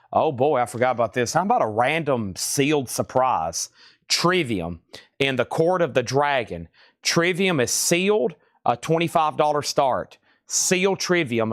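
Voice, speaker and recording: A man hosting a live online vinyl record sale, calling out titles, prices and bids in quick patter. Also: mid-range voice, no room sound, studio quality. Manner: rapid-fire auctioneer patter, hums tunes. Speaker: host. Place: record shop.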